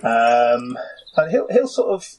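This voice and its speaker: A man narrating a tabletop game as game master, halting and full of "you know", with restarts. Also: medium pitch, big pitch swings, a little mellow, low-quality recording.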